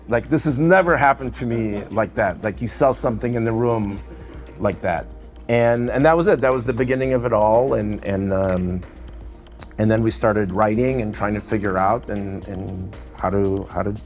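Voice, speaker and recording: A middle-aged man with a Russian accent, an animation director chatting casually in an interview, loose and rambling with lots of "you know" and "right?". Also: fairly low pitch. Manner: rambling, filler-heavy, often adds "you know" and "right?".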